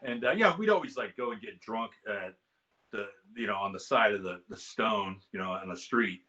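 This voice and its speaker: A bright-voiced man in his fifties tells a story on a video call, getting excitable and animated as he talks. The audio is dull and lo-fi, the way online calls sound. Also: fairly low pitch, normal speed. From California. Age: 50s. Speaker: guest musician.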